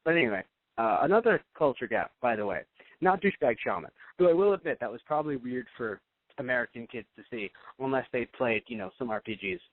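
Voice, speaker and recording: A young man hosting a casual review chat, rambling and animated. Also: mid-range voice, quick pace, no room sound. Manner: animated, rambling, slips into mocking impressions. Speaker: podcast host. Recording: dry, tinny phone-like sound.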